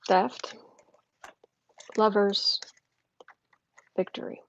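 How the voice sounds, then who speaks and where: A woman's voice: medium pitch, fairly even intonation, drawn-out words, creaky, fairly bright tone, lo-fi sound, a little hiss or hum. Chatty woman reading tarot live. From United States. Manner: chatty, thinking aloud with restarts. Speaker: tarot reader.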